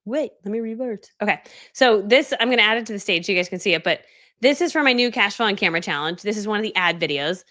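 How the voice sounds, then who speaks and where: A woman's voice: mid-range voice, animated, quick pace, pushed and bright. A woman hosting a live video, teaching marketing in a chatty, laughing way and acting out quotes. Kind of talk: casual live-stream teaching.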